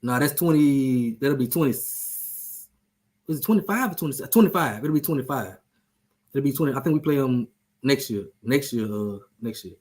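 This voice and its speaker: A man's voice: mid-range voice, expressive, moderate pace, darkish tone. A man hosting a casual sports chat show, talking loosely, joking and trash-talking. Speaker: show host.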